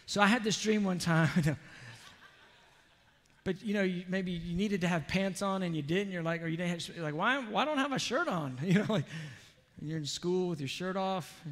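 A man's voice: high-pitched, moderate pace, a bit bright, big-room sound. A man preaching a sermon in an earnest, conversational way, with casual asides and quoted lines. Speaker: pastor.

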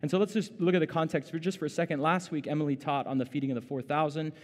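A man's voice: a little high, fairly even intonation, very fast, a little mellow. A man preaching a sermon as pastor, conversational with many fillers, growing more intense when he voices questions. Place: church sanctuary. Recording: long reverb of a church hall.

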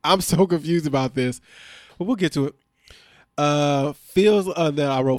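A man's voice: on the high side, measured pace, darkish tone, no room sound, clean studio sound. A man co-hosting a podcast, recapping a reality show in casual chat, exasperated and laughing often.

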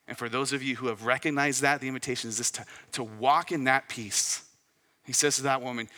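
A young man preaching a sermon as pastor, rising to loud emphatic peaks and dropping to soft hushed asides. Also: mid-range voice, steady tone, a little fast, in a large hall.

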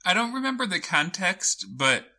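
A man's voice: sits high, normal speed. A man co-hosting a podcast, chatting casually about a TV show with frequent laughter. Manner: amused, laughing often, animated. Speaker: podcast co-host. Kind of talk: casual chat recapping a TV show.

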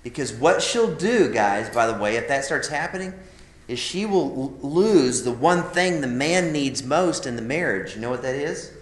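A man's voice: mid-range voice, lively intonation, normal speed, roomy sound. A man teaching a live class of men conversationally, emphatic, calling them "guys" and asking rhetorical questions. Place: classroom or meeting room.

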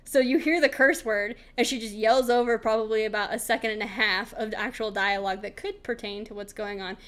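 Higher-pitched animated woman storyteller. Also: a little fast. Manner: animated storyteller, mimics voices with big pitch jumps. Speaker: podcast co-host. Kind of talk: casual chat.

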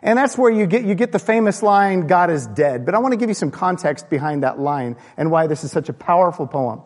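Guy preaching, kinda high voice, gets loud then goes real quiet, big echoey church hall. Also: expressive, a little fast. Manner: impassioned, swings from loud high bursts to low hushed lines. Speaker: pastor. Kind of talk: sermon. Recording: long hall reverb.

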